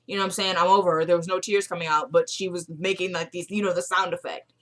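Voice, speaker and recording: A woman's voice: mid-range voice, steady tone, fast, hardly any pauses. A woman casually recapping a TV episode, often acting out the characters' lines and asking "you know what I'm saying?". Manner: chatty, retells scenes by acting out quoted dialogue.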